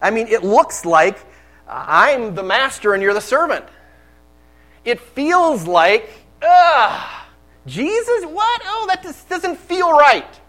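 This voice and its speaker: A man's voice: big pitch swings, takes it slowly, a bit bright, exaggerated voice. A man preaching voices the apostle Peter as a flustered adult man protesting in agitation. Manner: agitated, exclaiming, rising pitch.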